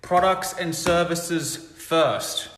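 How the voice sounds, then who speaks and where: A man's voice: fairly high pitch, drawn-out words, a bit bright, big-room sound, a little hiss or hum. A man giving a casual mini money lesson for his social media stories, blunt and emphatic, swearing freely. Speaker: entrepreneur teaching money lessons.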